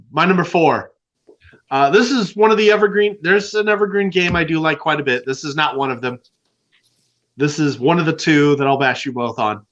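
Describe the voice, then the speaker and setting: Bright-voiced teasing man. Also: on the high side, muffled recording. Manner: teasing, jokey, blunt dismissals. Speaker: board game show co-host. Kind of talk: casual livestream chat.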